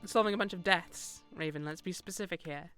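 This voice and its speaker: A woman's voice: on the low side, a little fast, fairly bright tone, soft background music. Wry, joking woman streamer. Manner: joking, wry, talks to herself and chat. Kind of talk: casual gameplay commentary.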